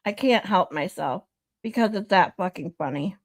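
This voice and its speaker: A woman's voice: fairly low pitch, lively intonation, moderate pace. A woman, chatting casually as a streamer and laughing easily between clips. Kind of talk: casual chat.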